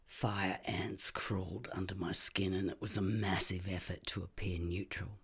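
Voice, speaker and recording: A hushed voice reads first-person crime fiction at an unhurried pace. The tone is husky and breathy, often sliding toward a whisper. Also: low-pitched, flat delivery. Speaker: audiobook reader.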